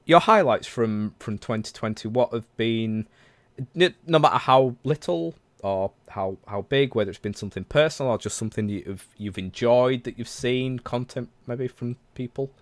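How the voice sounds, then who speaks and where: A man's voice: mid-range voice, normal speed, no room sound. Man, 30s, podcast host, rambling and chatty, mid voice, dry sound. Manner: rambling, chatty, full of self-corrections. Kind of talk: casual chat on a livestreamed podcast.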